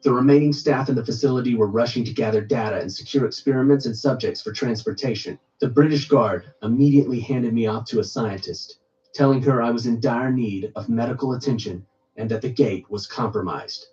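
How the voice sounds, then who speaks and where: A man reading a first-person horror story aloud in steady storytelling narration. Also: medium pitch, brisk, recorded from a distance, highs cut off.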